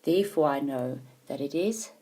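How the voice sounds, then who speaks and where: Low-voiced woman teaching grammar. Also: normal speed, dark tone. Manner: patient, emphatic, checks understanding with questions. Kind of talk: grammar lesson.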